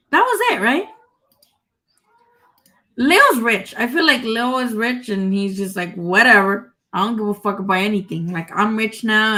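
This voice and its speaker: Woman on a live stream cussing a lot, bright voice, pitch jumps all over. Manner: profane, animated, rambling opinions. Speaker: boxing channel host. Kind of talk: casual live-stream chat.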